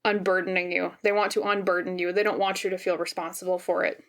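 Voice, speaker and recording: A woman giving a pick-a-card tarot reading on camera, gentle and reassuring, often checking in with "okay?". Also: lowish voice, flat delivery, quick pace, vocal fry. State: briefly teary and emotional. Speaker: tarot reader. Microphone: camera mic, seen on camera.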